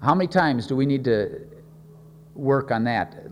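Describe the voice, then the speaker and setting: A man's voice: mid-range voice, lively intonation, measured pace, long reverb tail. Earnest preacher guy, stumbles and repeats words, faint hum behind him. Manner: earnest, repeats words while thinking, stresses key words. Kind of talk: sermon.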